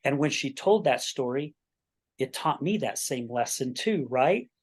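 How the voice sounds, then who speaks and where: A man's voice: mid-range voice, animated, a little slow, husky. A man in his sixties hosting a podcast interview, telling stories earnestly in casual chat, with frequent restarts and checking in with "right?". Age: 60s. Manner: earnest storytelling with many repeated starts and "right?". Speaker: podcast host.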